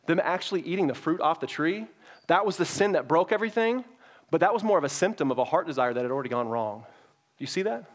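A male pastor delivering a sermon with a slightly high voice. He talks to his congregation casually, then climbs into emphatic, near-shouted points. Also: expressive, fast. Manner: conversational preaching, rising to emphatic peaks.

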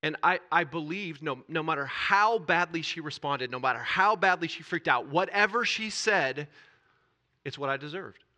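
A man giving an earnest personal testimony from a church stage, halting and repeating himself, his voice dropping very low at painful moments and rising when moved. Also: animated, pushed and bright. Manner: earnest, halting confession that drops to near-whispers and swells when stirred. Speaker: church speaker.

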